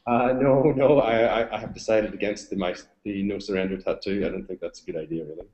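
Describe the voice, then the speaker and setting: Man, low register, halting interviewee, echoey video-call sound. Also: fairly even intonation, darkish tone, highs cut off. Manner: hesitant, many ums and restarts. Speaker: novelist and book reviewer.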